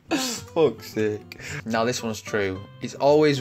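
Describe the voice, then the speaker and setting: A man's voice: medium pitch, very animated, measured pace, soft background music. A young man giving sarcastic, mock-outraged comedy commentary, swearing often.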